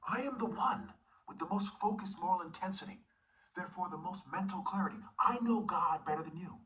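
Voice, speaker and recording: Intense self-styled preacher, man, slightly high and bright, preachy with whispered asides, distant mic. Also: a little fast, slight background noise. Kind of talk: online sermon monologue.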